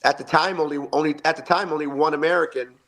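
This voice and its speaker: Gravelly man telling hockey stories. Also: a little high, fast. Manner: animated anecdotes with acted-out quotes. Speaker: guest, retired hockey player. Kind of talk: storytelling interview.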